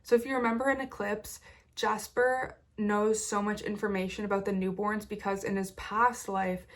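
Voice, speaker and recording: Woman, sick, chatty book vlog recap, filler-heavy, mid pitch. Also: flat delivery, moderate pace. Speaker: book vlogger. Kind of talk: casual reading vlog recap.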